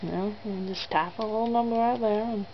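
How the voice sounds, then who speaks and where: A woman's voice: mid-range voice, fairly even intonation, fairly quick. Giggly, sarcastic young woman on lo-fi audio. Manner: giggly and sarcastic, laughing between items. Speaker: vlogger. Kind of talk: casual top ten countdown vlog. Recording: dull lo-fi webcam audio with faint background noise.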